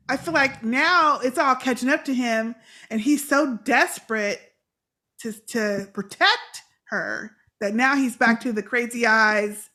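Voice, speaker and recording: Animated podcast host, a woman. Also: on the high side. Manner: animated, acts out characters' lines in quotes. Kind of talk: casual fan podcast chat.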